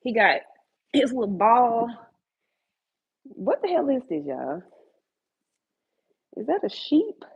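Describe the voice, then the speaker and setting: A woman with a husky, slightly breathy voice chats unhurriedly on a live stream, her pitch rising and falling a lot as she talks to viewers and coos at her dogs. The sound is thin and tinny, like a phone. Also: huge pitch swings, takes it slowly, long pauses. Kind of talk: casual live-stream chat. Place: home kitchen at night.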